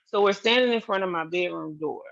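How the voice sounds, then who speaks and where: A woman's voice: lowish voice, a little fast, gravelly, a bit bright, dull audio. A woman telling a personal story to her viewers in a candid, casual way, swearing freely and speaking straight to the audience. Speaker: vlogger.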